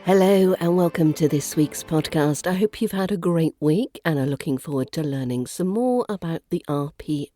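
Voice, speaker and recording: A woman with a Southern English accent teaching pronunciation on a podcast, repeating example words slowly and clearly. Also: lowish voice, mellow, dry recording, studio quality. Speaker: accent coach. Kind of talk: podcast lesson.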